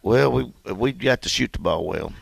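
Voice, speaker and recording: A man's voice: mid-range voice, lively intonation, normal speed, creaky, breathy edge. A man, a basketball coach telling stories in a folksy way in a radio interview. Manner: folksy storytelling.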